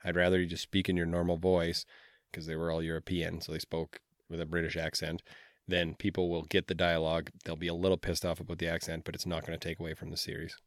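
A man's voice: deep voice, completely flat delivery, quick pace, no room sound, studio quality. A man co-hosting a podcast, chatting casually in a laid-back, playful, rambling way. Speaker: podcast co-host. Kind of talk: casual chat.

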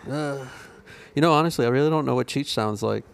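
A man's voice: mid-range voice, fast talker, vocal fry. A man guesting on a podcast in casual chat, laid-back and hesitant, often trailing off. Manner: laid-back, hesitant, says "I don't know" a lot.

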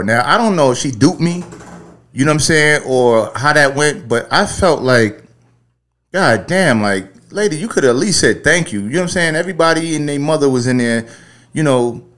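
A man hosting a call-in podcast, talking loosely and swearing often as he rambles through a story. His voice sits at an ordinary middle pitch for a man. He speaks in a relaxed, conversational way. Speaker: podcast host. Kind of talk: casual storytelling and call-in chat.

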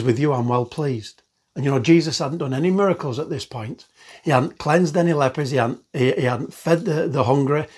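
A man's voice: medium pitch, slightly rough. A man giving an online sermon in a conversational, earnest way, with frequent fillers. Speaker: pastor.

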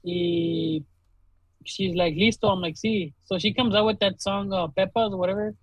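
High, husky young man. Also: moderate pace, no echo, poor audio. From Laredo, Texas. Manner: animated, swears a lot, laughs while telling stories. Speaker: DJ and podcast co-host. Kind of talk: casual storytelling chat.

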